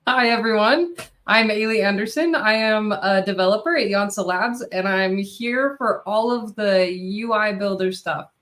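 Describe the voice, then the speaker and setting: A woman's voice: mid-range voice, a little slow, a bit bright. A young woman appearing as a developer guest on a video call, casual and easily distracted, talking with many fillers. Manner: giggly, distracted, lots of "like" fillers. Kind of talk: casual chat.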